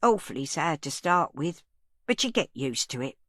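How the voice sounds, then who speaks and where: A woman's voice: sits low, very animated, normal speed, fairly bright tone, no room sound, clean studio sound, heavily acted. A woman voicing a guileless, kindly older woman who chats homely and mild. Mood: gentle.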